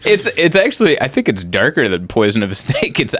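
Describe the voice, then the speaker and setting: A man's voice: medium pitch, brisk, husky, dry recording. A man in his thirties hosting a casual comedy podcast, telling stories and laughing often. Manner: laughs often, animated storytelling.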